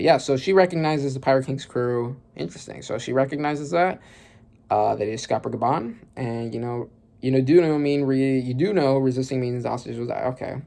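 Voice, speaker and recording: Gravelly man rambling through a reaction. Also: medium pitch, a little mellow. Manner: rambling, thinking aloud with many fillers and restarts. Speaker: manga reaction youtuber. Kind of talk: casual reaction commentary.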